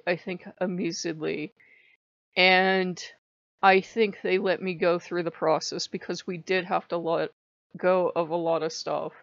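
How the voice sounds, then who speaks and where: A woman vlogger chatting casually to camera about her spiritual life, animated and laughing often. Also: on the low side, gravelly, no echo, highs cut off.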